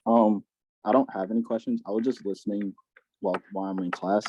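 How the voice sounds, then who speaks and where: A workshop attendee speaking quickly and a bit scattered, joining from a video call. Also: low voice, steady tone, dark tone, husky, no room sound, muffled recording. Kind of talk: casual thanks on a video call. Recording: noisy video-call audio.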